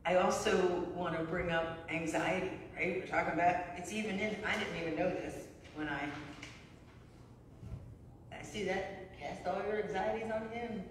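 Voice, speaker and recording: A woman's voice: on the low side, moderate pace, slight background noise. A middle-aged woman giving a conversational sermon, telling stories and often asking "right?", recorded in a church sanctuary. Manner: conversational, storytelling, frequent "right?". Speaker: pastor. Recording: echoey hall from far off.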